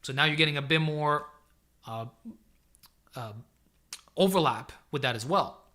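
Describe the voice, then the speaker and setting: Energetic, bright-voiced male fitness coach. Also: fairly high pitch, unhurried. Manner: energetic, chatty coaching, calls viewers "man". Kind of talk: casual live-stream Q&A. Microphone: desk microphone he sometimes leans away from.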